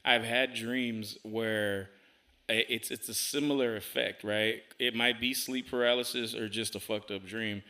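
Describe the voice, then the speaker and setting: Man, podcast host, bright tense voice, casual chat. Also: fairly low pitch, steady tone, unhurried. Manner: reactive, brief interjections.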